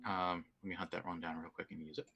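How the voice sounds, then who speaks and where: Halting man describing his character's actions. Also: deep voice, level tone, gravelly, bright, forceful tone, breathy edge, dull audio, soft background music. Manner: halting, full of fillers. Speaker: player. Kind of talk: casual tabletop game play.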